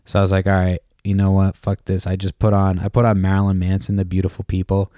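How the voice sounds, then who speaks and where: A man's voice: deep voice, completely flat delivery, fast talker, dark tone, dry recording, studio quality. A man in his thirties hosting a podcast, rambling casually with lots of cursing and laughing at his own stories. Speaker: podcast host.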